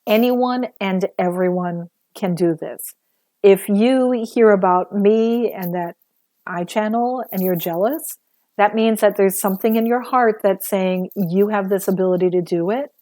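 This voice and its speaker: A woman's voice: medium pitch, a little slow, mellow, no room sound. A woman giving a casual livestream talk as a spiritual teacher, chatty and earnest with many fillers, a little sore after a busy day.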